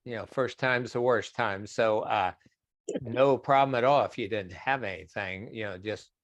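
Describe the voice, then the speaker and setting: A fairly low-pitched man speaks at a normal speed as a guest in an online question-and-answer webinar. He's chatty, occasionally voicing the people he quotes, and there's no echo.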